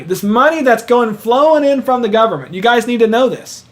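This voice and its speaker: A man's voice: very high-pitched, animated, a little fast, a bit bright. A man delivering an informal, earnest sermon, exhorting listeners and repeating phrases for emphasis. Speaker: preacher.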